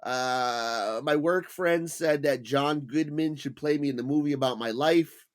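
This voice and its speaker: A man's voice: on the high side, unhurried. A middle-aged man co-hosting a casual comedy podcast, telling stories with lots of animation and mocking voices. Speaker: podcast co-host.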